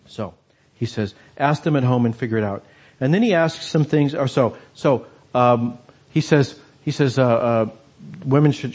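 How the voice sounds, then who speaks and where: A man's voice: mid-range voice, a little mellow, breathy edge. A man preaching a conversational sermon, asking his listeners many rhetorical questions.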